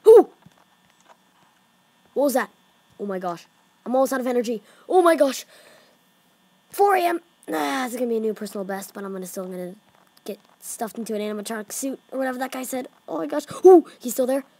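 A woman's voice: fairly high pitch, fast, pauses often, mellow, dry recording. A woman hosting a horror game let's play, jumpy and exclaiming, often dropping to whispers. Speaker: gaming channel host.

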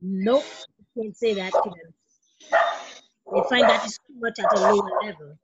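A woman in a training class explaining childcare in a halting way, using examples. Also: mid-range voice, fairly even intonation, muffled recording, very noisy. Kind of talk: answering in a group training call.

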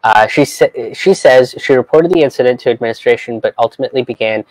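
A man's voice: mid-range voice, fast, a little mellow, no room sound, poor audio. A man giving a profane, incredulous rant while reading from an article. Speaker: comedian vlogger.

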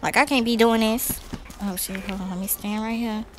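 A woman giving live commentary on a horror game, excitable and cursing, yelling when frightened. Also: fairly high pitch, moderate pace, a little hiss or hum. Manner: talks to herself and the viewers. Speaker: gaming video host. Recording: clear music playing behind.

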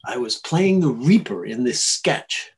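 A male actor telling stories in a casual interview, animated and chuckling, often restarting his sentences. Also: mid-range voice, unhurried, slight background noise. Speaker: actor guest.

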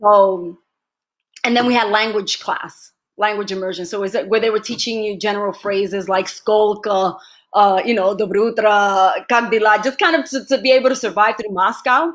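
A woman from the United States, an actress and interview guest, telling lively stories in a casual chat and laughing often. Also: medium pitch, brisk.

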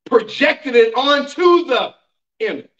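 A man's voice: extremely high pitch, animated, a little slow, a bit bright. A man pastor teaching a Bible class, preaching emphatically with call-and-response and rhetorical questions to the congregation. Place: church sanctuary. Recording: roomy, dull sound from a distant mic.

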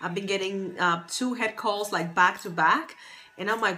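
A woman's voice: mid-range voice, moderate pace, pushed and bright. A woman hosting a casual live stream from her phone, upbeat and chatty, greeting viewers by name. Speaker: livestream host, fashion stylist and confidence coach. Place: at home near Boston.

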